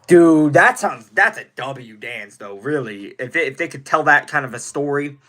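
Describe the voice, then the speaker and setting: Excitable young male live streamer. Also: a little high. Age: young adult. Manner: excitable, gives rapid shout-outs to donors; chatty, answers viewer questions one by one. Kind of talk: casual live-stream chat.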